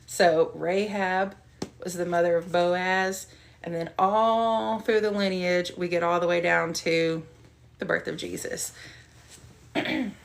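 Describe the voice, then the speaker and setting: A woman leads a Bible study from her home and shares her testimony. Her voice is lowish and full of gravelly fry. She talks in a chatty, rambling way with plenty of fillers. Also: flat delivery, slow. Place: at home, with a cat nearby.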